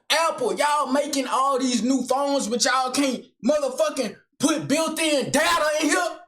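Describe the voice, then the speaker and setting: A man performing a furious comedy rant, shouting in heavy slang. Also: very high voice, reverberant. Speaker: sketch comedian.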